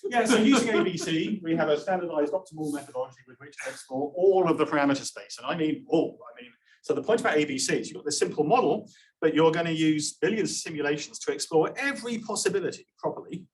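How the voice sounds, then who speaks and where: A man's voice: a little high, animated, fast, poor audio. A man giving an academic lecture, with wry asides and frequent "um" restarts. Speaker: conference presenter.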